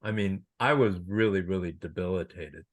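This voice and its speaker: Very deep voiced guy host, gushing, stammers a bit, dry sound. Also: normal speed, no room sound. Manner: effusive, stammering repeats. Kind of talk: casual interview talk.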